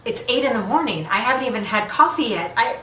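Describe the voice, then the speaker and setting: A high-pitched woman in her thirties tells her own story as solo theatre, her voice bright and pointed. She swings from hushed, careful narration to frantic shouting. The sound is roomy and picked up from a distance, with faint ambience behind. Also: expressive, fast, a little hiss or hum. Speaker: solo stage performer. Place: theater stage.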